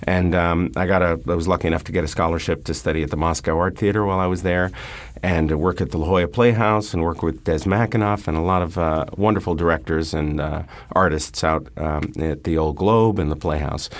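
A middle-aged man talks as an interview guest, his voice sitting very low and deep. He speaks thoughtfully, stopping often with fillers as he works through his answers. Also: fairly even intonation, a little fast. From New York. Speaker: stage actor guest. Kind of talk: relaxed interview talk.

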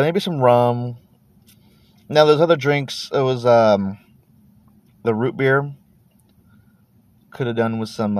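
A Texas podcast host in his thirties rambles from his parked car, laid-back and meandering, swearing casually and trailing off to repeat words. His voice is medium-pitched with a darkish tone, and there's no room sound.

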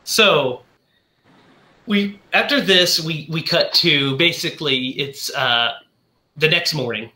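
A man's voice: fairly high pitch, pushed and bright, roomy sound. A man hosting a podcast in casual chat, enthusiastic and chatty. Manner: enthusiastic, chatty, retells scenes with quick voices. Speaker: podcast host.

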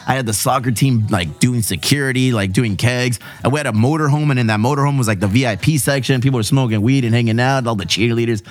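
A man's voice: medium pitch, fast talker, hardly any pauses. A man, telling profane stories on a podcast and slipping into Spanish. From San Diego–Tijuana border region. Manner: animated storytelling, profane, switches into Spanish. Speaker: podcast host. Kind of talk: casual podcast chat.

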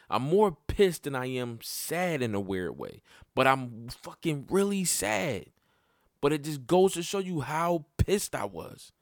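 A man tells a story about his child in blunt, casual talk full of swearing. His voice sits at a middle pitch and jumps high and loud when he gets heated. The recording is dry, with no room sound. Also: dry recording. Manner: profane, blunt, conversational; voice climbs high and loud when worked up. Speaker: father telling a personal story.

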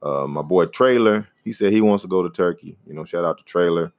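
A man hosting a casual podcast, rambling in a laid-back way and giving shout-outs to listeners. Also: deep voice, brisk, no room sound, studio quality. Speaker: podcast host; comedian.

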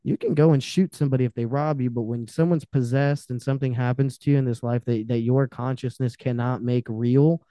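Dark-voiced young man telling raw stories. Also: mid-range voice, steady tone, brisk, hardly any pauses, dry recording. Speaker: podcast guest. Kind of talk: candid personal storytelling in conversation.

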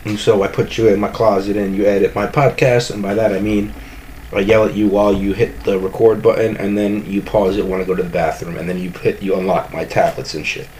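A man's voice: fairly low pitch, level tone, fairly quick, a little mellow, slight background noise, low-quality recording. A man hosting a comedy podcast from his home kitchen, rambling with joking bravado and constant self-corrections. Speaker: podcast host.

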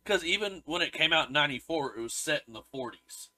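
A man with a slightly high, bright and sharp voice co-hosts a casual movie podcast. He reads out review numbers in a dry, matter-of-fact way. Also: expressive, fast talker, low-quality recording. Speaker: podcast co-host.

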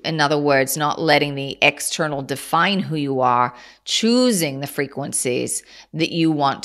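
A woman voicing a gentle collective of otherworldly star beings. She addresses the listener formally and calls them dears, with slow, measured phrasing and soft hums between thoughts. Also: deep voice, exaggerated voice. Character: collective of ninth-dimensional Pleiadian beings, gentle and welcoming. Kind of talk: channeled speech.

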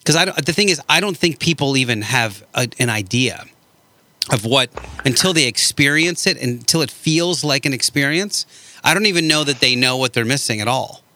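Bright-voiced inquisitive man. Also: medium pitch, lively intonation, normal speed, no room sound. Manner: inquisitive, keeps asking follow-ups. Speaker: podcast host. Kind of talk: casual interview chat.

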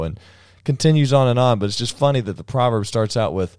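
A man's voice: medium pitch, a little fast, a little mellow, no room sound, studio quality. A man hosting a casual podcast chat, rambling with many restarts and frequent laughter. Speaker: podcast host.

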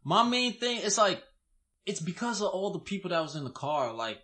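A man's voice: sits high, big pitch swings, normal speed, sharp tone. A man from Guyana telling a story in casual, slang-heavy chat with friends.

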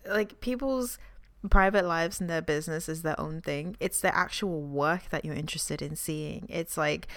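A woman co-hosting a podcast in casual chat, animated and acting out quotes in silly voices. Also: on the low side, no room sound, studio quality. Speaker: podcast co-host.

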